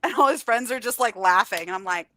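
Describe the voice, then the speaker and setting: A young woman with a bright, fairly high voice tells stories on a video call. She acts out the customers and the people in her stories. The sound is dry and close. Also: fast talker, no room sound. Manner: lively storyteller, acts out customers. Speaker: booktuber guest. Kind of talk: casual chat on a live stream.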